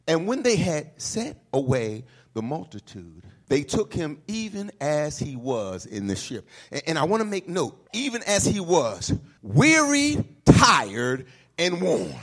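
A pastor preaching a sermon, shifting from quiet talk to shouted, sing-song peaks. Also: male voice, fairly high pitch, breathy edge.

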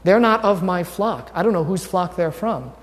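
A man's voice: sits high, expressive, normal speed. Man, pastor, informal sermon, wry, questions the congregation, reverberant sanctuary. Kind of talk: conversational teaching sermon. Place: church sanctuary. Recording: long church reverb.

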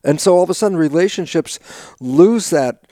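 An older man, an interview guest, telling stories with lively acted-out dialogue, sudden loud bursts and frequent laughs. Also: a little high, moderate pace, dry recording, studio quality. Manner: laughs often while talking. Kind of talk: animated conversational storytelling.

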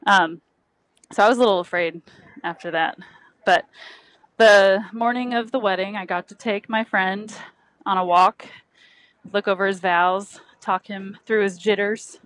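A woman's voice: medium pitch, fairly even intonation, a little slow, pauses often, fairly bright tone, dry recording, low-quality recording. A woman in an easygoing, casual chat, often breaking into laughter. Her voice sits in a middle register. It is recorded dry and close, with no room sound.

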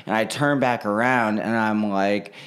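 Man, young adult, somewhat low voice, casual storytelling, animated, swears freely. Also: a little slow. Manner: animated, swears freely, slips into quoting people.

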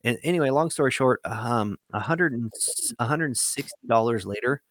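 A man's voice: mid-range voice, expressive, moderate pace, no echo. Profane, rambling male storyteller. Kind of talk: casual chat.

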